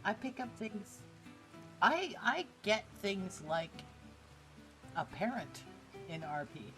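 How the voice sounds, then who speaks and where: A woman who streams roleplay, chatting on a podcast in a blunt, animated way and swearing freely. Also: medium pitch, slow pace, music in the background. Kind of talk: casual podcast chat.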